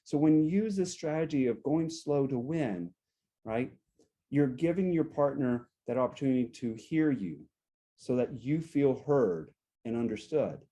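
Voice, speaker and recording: A man giving a workshop talk to a support group, explaining step by step, checking in often with "right?", and acting out sample phrases. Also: mid-range voice. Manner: acts out sample phrases to show a calm and an angry tone. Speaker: guest speaker on relationships.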